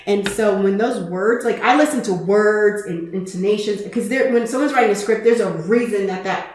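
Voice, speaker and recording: Animated woman in an echoey room. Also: mid-range voice, moderate pace, hardly any pauses. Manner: animated, acts out movie scenes in quoted voices. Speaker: podcast co-host. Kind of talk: casual movie review chat.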